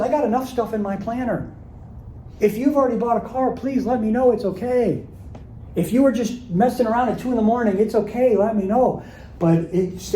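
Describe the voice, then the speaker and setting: Sales trainer guy at a live workshop, chatty, acts out calls, kinda high voice, roomy echo. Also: warm tone, a little hiss or hum. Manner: conversational, acts out sample calls and emails.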